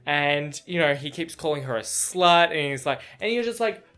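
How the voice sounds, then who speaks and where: Rambling chatty man, slightly higher voice. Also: expressive, moderate pace, pushed and bright, clean tone. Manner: rambling and chatty, full of fillers and restarts, swears freely. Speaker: book reviewer reacting to a chapter. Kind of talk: casual reaction vlog.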